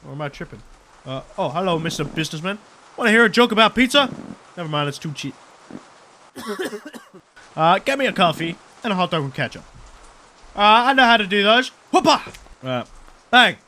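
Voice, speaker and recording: A man's voice: a little high, lively intonation, fairly quick, pauses often, pushed and bright, slight background noise. A man doing crude, joking let's-play commentary while he plays. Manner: crude, joking, swears a lot. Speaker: gaming YouTuber.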